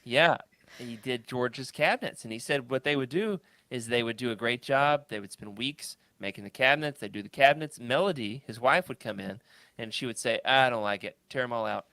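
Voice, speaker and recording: A man leading a casual discussion panel, telling a story in an animated way. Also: mid-range voice, moderate pace, dry recording. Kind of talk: casual roundtable chat.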